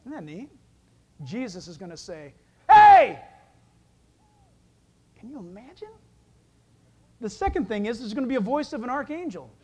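A male pastor preaching a sermon in an animated way, with joking asides. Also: very high voice, brisk, long pauses, slightly rough.

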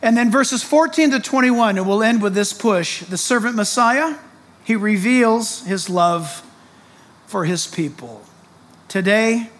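High-voiced excited preacher man. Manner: excited, loud and emphatic. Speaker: pastor. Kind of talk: sermon.

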